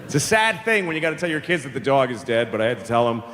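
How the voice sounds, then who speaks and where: A man's voice: mid-range voice, sing-song, quick pace. Middle-aged man ranting on a comedy stage. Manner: profane, exasperated ranting with sudden shouts. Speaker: stand-up comedian. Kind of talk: stand-up comedy routine. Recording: live hall reverb, faint ambience.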